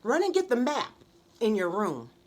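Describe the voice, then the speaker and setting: A woman's voice: fairly high pitch, wildly swooping pitch, normal speed, pitched below the performer's own voice. A woman voicing a patient country mother who explains things to her son, in a storybook reading.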